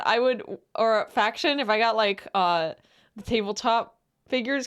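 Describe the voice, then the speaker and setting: Woman streamer, excitable and giggly, bouncing pitch, unhurried delivery. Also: clean tone. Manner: excitable, laughs often, swears freely. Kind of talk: casual reaction stream chat.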